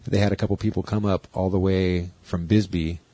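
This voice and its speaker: A man's voice: low voice, flat delivery, a little fast, mellow, breathy edge, no room sound. A man co-hosting a podcast, telling stories in casual, profane chat and mimicking the people he quotes. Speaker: podcast co-host.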